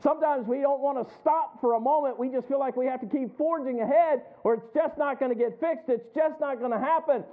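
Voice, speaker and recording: A man's voice: very high voice, brisk, few pauses. A man preaching a sermon in a folksy way, quoting scripture and acting out the voices of worried churchgoers. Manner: folksy, acts out the congregation's inner voices; laughs often between lines. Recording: tinny phone-like sound.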